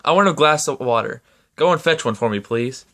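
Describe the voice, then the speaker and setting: A man voicing a commanding young male lover who speaks low, quiet and slow. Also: lively intonation.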